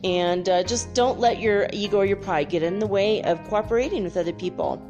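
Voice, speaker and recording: A woman in her fifties hosting a casual spiritual chat show, telling stories in a chatty, animated way and laughing often. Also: mid-range voice, fairly quick, lo-fi sound, music in the background. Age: 50s. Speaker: host.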